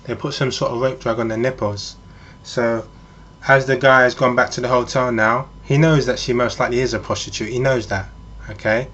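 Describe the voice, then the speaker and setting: A man's voice: mid-range voice, steady tone, fairly quick, a bit bright, dull audio, slight background noise. A man talking in a casual, rambling monologue, speaking to the listener as "you" and using frequent ums. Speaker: vlogger.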